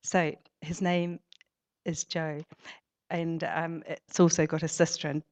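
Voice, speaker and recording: A woman's voice: deep voice, little pitch movement, slow pace. Woman giving a rambling sermon. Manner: rambling, warm storytelling with fillers. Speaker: church speaker. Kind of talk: informal sermon with a read-aloud story. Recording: dull lo-fi recording.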